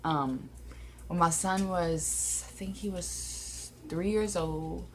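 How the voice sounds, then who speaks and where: Recorded on her phone camera, a young woman from Louisiana, USA slowly tells a paranormal story in a casual vlog, rambling with many fillers. Her voice is on the low side, with slight background noise behind it.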